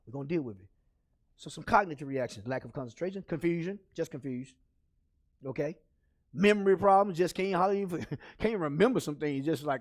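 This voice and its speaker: Man, motivational speaker, high and lively delivery, talks straight to camera, repeats himself, encouraging. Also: a little fast. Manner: encouraging, repetitive, animated with sudden loud outbursts. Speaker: leadership speaker.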